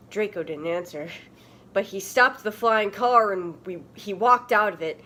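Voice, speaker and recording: A woman reading a fan story aloud for comedy, laughing and shouting the quoted lines. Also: medium pitch, animated, unhurried. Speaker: comedy reader. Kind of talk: dramatic comic reading aloud.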